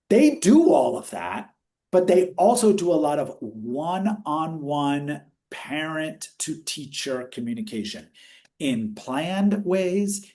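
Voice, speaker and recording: Energetic guy walking through study findings on a webinar, talks fast when he quotes people. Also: on the high side. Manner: energetic, speeds up when quoting questions; teaching, explanatory. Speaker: researcher presenting study findings. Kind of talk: webinar discussion.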